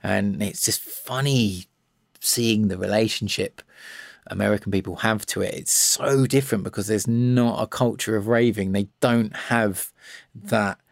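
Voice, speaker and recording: A man with a fairly low voice talks in a loose, rambling podcast chat, swearing casually as he gets excited about an idea. The sound is dry and close, with no room around it. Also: unhurried, vocal fry, no room sound. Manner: rambling, swears freely, enthusiastic about words. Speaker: podcast guest, electronic music producer.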